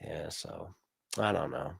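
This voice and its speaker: A man's voice: low voice, lively intonation, slow pace, gravelly, breathy edge, no room sound, clean studio sound. A middle-aged man hosting a livestream, telling brash, profane stories and answering his chat. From Sicilian heritage. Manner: brash, profane storytelling, reads chat aloud. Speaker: livestream host.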